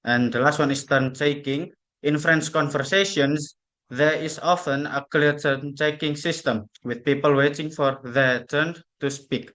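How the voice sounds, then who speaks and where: A man's voice: fairly high pitch, steady tone, unhurried, fairly bright tone. A young man, a student presenter, reading a class presentation plainly with small repeats.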